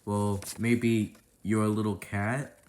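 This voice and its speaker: A man's voice: fairly low pitch, little pitch movement, slow, darkish tone. A man voicing a small, childlike cartoon bird that cheeps and guesses naively.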